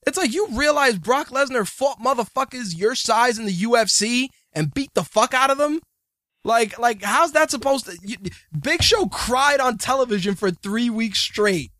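A man's voice: extremely high pitch, lively intonation, normal speed, sharp tone, no room sound, clean studio sound. A man hosting a podcast, ranting in profane casual banter. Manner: ranting, swearing, mocking. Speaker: podcast host.

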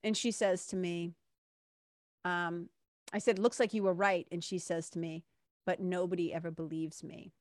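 A woman's voice: on the low side, steady tone, normal speed, no room sound, clean studio sound. Earnest woman telling a personal story. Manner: earnest, reflective, re-enacts quoted dialogue.

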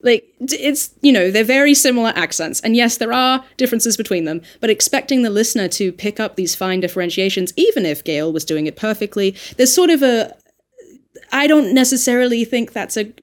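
A woman's voice: fairly high pitch, lively intonation, fairly quick. A woman dialect coach speaking as a podcast guest, thinking aloud in an earnest, emphatic way. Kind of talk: podcast conversation.

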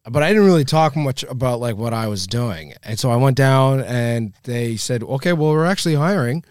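A man's voice: medium pitch, moderate pace, clear, resonant tone, dry recording, clean studio sound. A man, a stand-up comedian, telling stories in a casual podcast chat, swearing freely and acting out the people he quotes. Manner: storytelling, animated, swears freely, acts out quoted voices.

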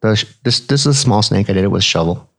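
A man in his thirties with a low, deep voice talks through medical details in a relaxed podcast chat. He explains things plainly and mixes clinical terms with casual slang, like a physician at ease with his co-host. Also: fast talker.

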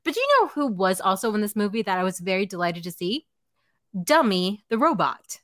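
A woman's voice: medium pitch, brisk, dry recording. Chatty young woman, dry close sound. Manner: chatty, excited, uses many fillers. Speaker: podcast co-host. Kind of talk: casual chat.

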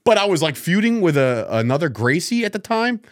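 A man hosting a podcast in casual chat, cracking jokes, swearing freely and breaking into loud laughs. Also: on the high side, sing-song, brisk. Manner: joking, swears a lot, loud bursts of laughter. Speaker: podcast host.

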